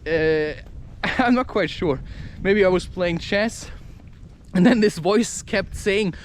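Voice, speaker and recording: A man musing in a rambling, profane spiritual monologue, excitable and talking half to himself. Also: sits high, takes it slowly, slight background noise. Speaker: vlogger.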